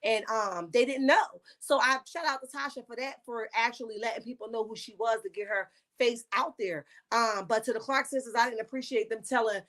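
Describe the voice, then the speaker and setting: A woman, recapping a reality show on a casual livestream with sassy, animated asides. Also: a little high, fairly quick, hardly any pauses.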